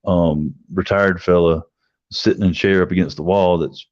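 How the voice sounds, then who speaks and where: A darkish, steady voice at moderate pace belongs to a middle-aged man telling a long, profane story on a livestream. He rambles and acts out quotes by raising his pitch, and the recording is dry, lo-fi, and slightly dull.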